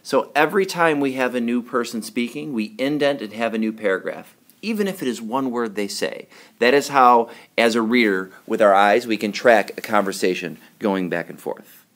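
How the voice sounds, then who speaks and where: A man's voice: mid-range voice, lively intonation, moderate pace, a bit bright. A man teaching a writing lesson in a patient, explanatory way, often checking in with his students.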